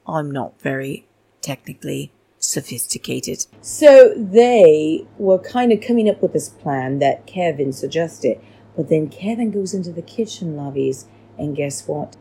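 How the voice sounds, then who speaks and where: Her voice low, mellow and husky, a woman rambles through a casual recap on her podcast and calls her listeners darlings. She records at home on a cheap free microphone, and the recording sounds rough.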